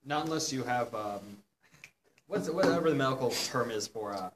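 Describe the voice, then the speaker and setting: A man's voice: medium pitch, animated, normal speed. A young man reacting with dry, sarcastic quips in casual chat. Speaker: co-host reacting. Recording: noticeable background noise.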